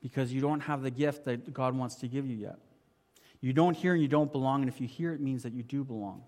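A man preaching a sermon in a conversational way, asking the congregation rhetorical questions and moving between emphatic and quiet passages. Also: a little fast. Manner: swings from emphatic to quiet and low. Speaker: pastor.

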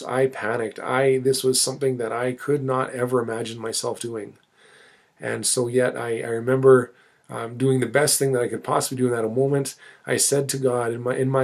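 A middle-aged man recounts his faith story in an earnest, unhurried way. His voice sits at an ordinary pitch, and he stops and restarts phrases as he searches for words. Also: flat delivery, a little mellow. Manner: earnest, halting, with many restarts and fillers. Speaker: church minister telling his testimony. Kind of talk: personal testimony, storytelling.

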